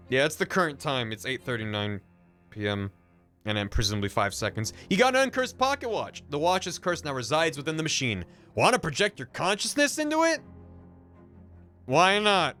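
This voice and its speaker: Playful, lively-voiced male streamer. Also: a little high, normal speed, soft background music. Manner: playful, jokey. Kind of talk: game playthrough, reading game text aloud.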